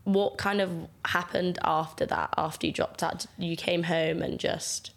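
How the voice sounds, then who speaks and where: A woman's voice: lowish voice, steady tone, measured pace, vocal fry. A young woman, hosting a casual interview and chiming in with short replies. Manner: friendly, chimes in with short replies. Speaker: podcast host.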